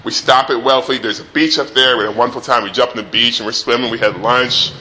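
A middle-aged father telling a personal anecdote in a relaxed, animated way, acting out the voices. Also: medium pitch, quick pace. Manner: animated, acts out the voices in his story. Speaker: storyteller.

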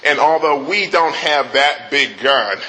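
A man retelling a movie scene in an animated way before making his point. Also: a little high, unhurried, rough recording. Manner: animated retelling with restarts and acted quotes. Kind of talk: storytelling lead-in to a talk.

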